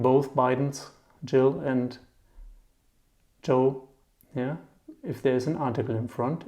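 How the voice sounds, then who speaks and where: Relaxed, mellow-voiced man teaching vocabulary. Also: mid-range voice. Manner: chatty, explains with mnemonics and asks "yeah?". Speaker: German teacher. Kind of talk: relaxed language lesson.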